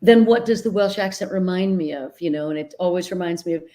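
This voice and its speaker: Earnest woman dialect coach, lower pitch. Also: quick pace. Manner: animated, earnest storyteller with sudden bursts of laughter. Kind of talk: casual interview conversation. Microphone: video call microphone.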